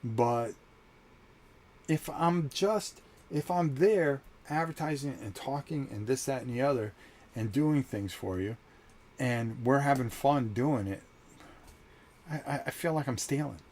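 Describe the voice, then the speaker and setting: In a casual monologue on his channel, a middle-aged man tells a story at a measured pace with long pauses, his voice medium in pitch. He's animated, acting out the conversations he remembers.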